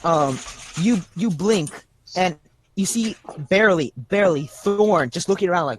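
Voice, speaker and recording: A young man with a fairly high voice runs a tabletop game, describing scenes in a halting way, full of little restarts. He stops often to rephrase. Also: lively intonation, slight background noise. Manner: halting, many restarts and fillers. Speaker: game master.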